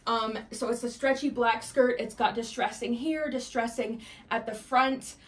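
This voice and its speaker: A woman's voice: a little high, fairly even intonation, a little slow. A young adult woman chatting enthusiastically in a try-on haul vlog, recorded indoors at home. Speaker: fashion vlogger.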